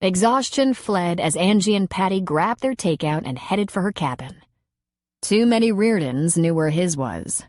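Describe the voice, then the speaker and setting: Expressive woman reading a romance. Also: lowish voice, normal speed, no room sound, clean studio sound. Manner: expressive storytelling. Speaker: audiobook narrator. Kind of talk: scripted narration.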